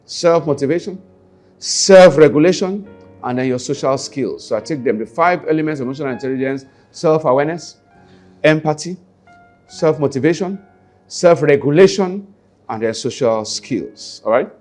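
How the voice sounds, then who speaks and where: A man's voice: medium pitch, fairly quick, darkish tone, soft background music. A man with a Nigerian accent, a life skills coach giving a motivational teaching talk, repeating key phrases and putting rhetorical questions to his listeners. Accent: Nigerian English.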